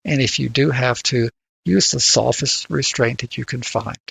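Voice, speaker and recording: A man's voice: medium pitch, normal speed, vocal fry, fairly bright tone, breathy edge, dry recording. An older man co-hosting a casual podcast discussion, often repeating words as he starts his sentences. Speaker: podcast co-host.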